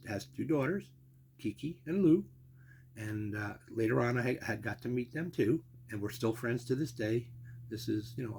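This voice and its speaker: An older man telling a long personal story in a rambling, casual way, full of asides and restarts. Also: medium pitch. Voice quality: gravelly, husky.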